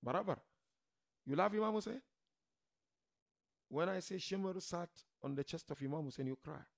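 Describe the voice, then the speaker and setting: Gravelly, animated male preacher. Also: moderate pace. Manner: emphatic, swings from loud declarations to low murmurs; addresses the audience directly. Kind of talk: religious sermon. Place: gathering hall with a seated audience.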